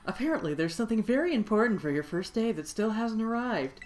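A woman voicing a cheerful, doting mother in a video game, speaking in a lively, motherly way. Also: fairly high pitch, quick pace, faint music behind, voice pushed up, close to an everyday voice.

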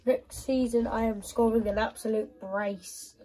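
A woman giving excitable commentary while playing a football video game, often shouting and squealing at the match. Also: a little high, measured pace, poor audio. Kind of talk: gaming commentary.

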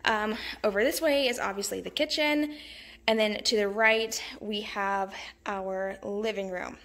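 A woman's voice: medium pitch, steady tone, a little slow, fairly bright tone. A woman, chatting casually with lots of fillers as she walks a camera through her small house. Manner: chatty, friendly, many "um" fillers. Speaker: home vlogger giving a house tour. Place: inside a small house, walking room to room.

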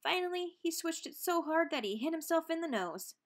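A woman reading a children's picture book aloud, expressive and playful with sound words. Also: very high-pitched, fairly quick. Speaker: read-aloud narrator.

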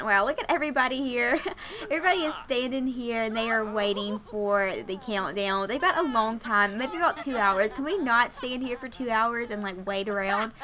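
A woman's voice: on the high side, moderate pace, pushed and bright. A young woman doing casual gameplay commentary, chatty and gushing with lots of fillers. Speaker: let's play host.

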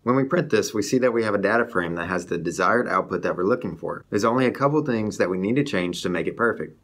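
A young man hosting a coding tutorial, explaining each step of a script in a steady walkthrough over his screen. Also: fairly low pitch, fast.

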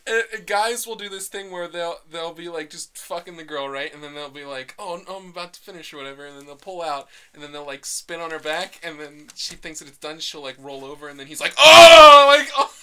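A young man hosting a casual podcast chat, loud and full of laughter and swearing. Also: fairly high pitch, steady tone, fairly quick, few pauses, smooth. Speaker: podcast host.

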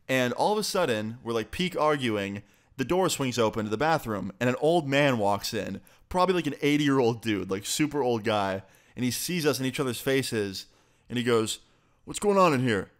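A man's voice: medium pitch, smooth. A man vlogger telling a story in a casual, conversational way with plenty of swearing. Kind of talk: storytime vlog.

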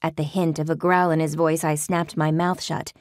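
Brief: female audiobook narrator, low voice, measured pace, dry booth sound. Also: dry recording. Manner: measured, even storytelling. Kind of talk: first-person audiobook narration. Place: recording booth. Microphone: close studio mic.

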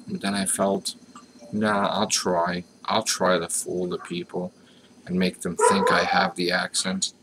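A deep, bright-toned American man rambles to his viewers in a casual vlog, earnest and self-mocking by turns. His voice is low but forceful, with a faint hiss of background noise. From United States. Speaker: vlogger.

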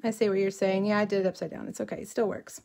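A woman's voice: medium pitch, fairly even intonation, racing, gravelly, darkish tone. A middle-aged woman from South Texas with a drawl, chatting casually and rambling as she hosts a crafting livestream and reads out viewer comments.

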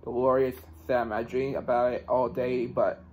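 A man's voice: mid-range voice, little pitch movement, darkish tone, a little hiss or hum, poor audio. A man reading a children's book aloud, stumbling and restarting words as he goes. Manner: halting, with frequent restarts and self-corrections. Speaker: reader.

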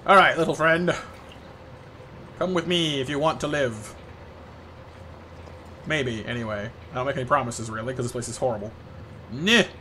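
A man's voice: medium pitch, steady tone, moderate pace, pauses often, sharp tone, slight background noise. A man streaming live gameplay, chatting playfully with viewers and reacting to the game.

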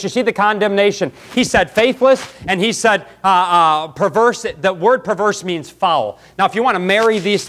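A man's voice: sits high, a bit bright. A man preaching a folksy, fiery sermon in a church, calling out congregants by name. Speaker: pastor. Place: church sanctuary.

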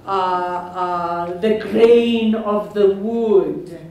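An older woman with a South African accent speaks on a university panel honoring her sibling, her mid-range voice fairly even, a little mellow, and extremely slow. It's an informal public talk where she chats, jokes, laughs often, and restarts her sentences. The lecture hall sounds echoey, with faint noise.

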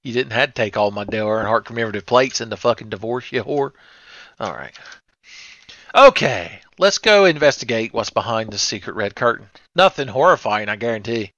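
Brisk and expressive, a man's mid-range voice sounds bright and forceful, with no room sound around it. He hosts a let's play, giving sarcastic, crude, comedic commentary on a retro horror game. A slightly dull lo-fi mic adds faint hiss.

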